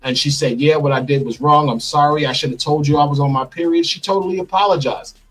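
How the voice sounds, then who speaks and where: A man's voice: fairly high pitch, quick pace, fairly bright tone, poor audio. A middle-aged man giving a candid interview, bluntly retelling events and acting out what others said. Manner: blunt, vivid retelling with quoted dialogue. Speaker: interview guest telling his story.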